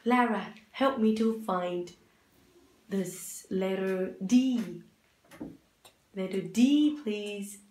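Slow, patient woman teaching children. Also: medium pitch, a little mellow. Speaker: English teacher. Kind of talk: children's English lesson. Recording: echoey room, faint noise.

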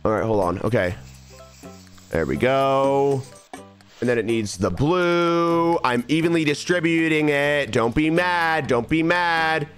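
Speaking a little slowly in a mid-range, lively voice, a young man streams a game and narrates it live. He is restless and self-mocking, repeating phrases under his breath, with faint music in the background.

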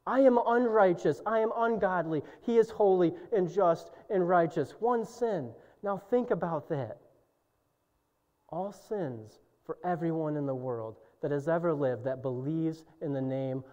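Impassioned male preacher in a reverberant church. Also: unhurried. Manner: impassioned preaching, soaring to shouts and dropping low. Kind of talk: sermon. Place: church sanctuary. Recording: dull recording with long church reverb.

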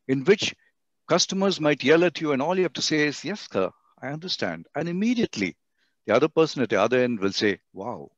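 A man with an Indian English accent giving a webinar lecture on communication, swinging his voice high and low to show his points. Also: no room sound. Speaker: guest speaker on communication. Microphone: computer mic on a video call. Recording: dry, dull webinar audio.

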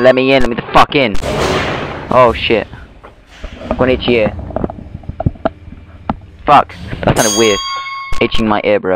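A man's voice: medium pitch, a bit bright, slight background noise, poor audio. A young man giving nervous, swear-filled commentary while playing a horror game. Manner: jumpy, swearing, nervous rambling. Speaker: gameplay streamer. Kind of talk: horror let's play commentary. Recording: game music behind the voice.

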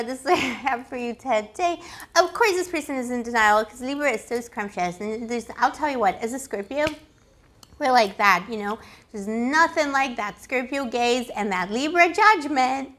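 A woman giving a casual tarot reading, playful and affectionate, calling the listener pet names, her voice slightly hoarse. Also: fairly high pitch, moderate pace, a bit bright. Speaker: tarot reader.

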